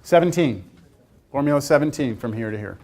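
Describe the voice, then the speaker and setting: A man's voice: medium pitch, lively intonation, brisk, warm tone. Joking man teaching calculus. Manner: casual, joking, thinks aloud. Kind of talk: classroom lecture. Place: classroom.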